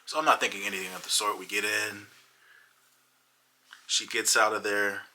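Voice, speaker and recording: A man telling a funny personal story in a casual, animated way. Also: fairly low pitch, normal speed, a little hiss or hum, low-quality recording. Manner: animated, dramatic retelling. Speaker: vlogger.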